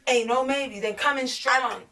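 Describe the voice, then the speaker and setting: A woman's voice: high voice, a little slow, sharp tone. A woman coaching her son in a recording studio. She gives emphatic, directive instructions and chats casually for a reality vlog.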